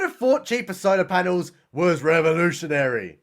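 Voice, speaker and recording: Male reviewer, high lively voice, sarcastic deadpan recap with sudden excited yelps. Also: normal speed. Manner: mocking, exclaims often, swings between deadpan and excited outbursts. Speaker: movie reviewer. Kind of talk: sarcastic comedic film recap narration.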